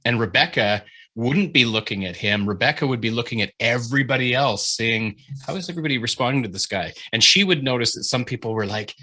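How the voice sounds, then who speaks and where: Guy running a writing workshop on a call, bright tense voice, animated, swears a lot, restarts sentences. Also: mid-range voice, fast. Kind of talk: informal manuscript critique.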